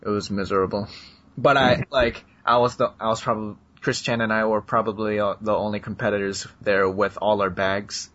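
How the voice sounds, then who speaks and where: The dull lo-fi recording captures a man co-hosting a podcast in a casual, rambling chat full of fillers and laughs. His voice is fairly low with little pitch movement, fairly quick, and fairly bright in tone.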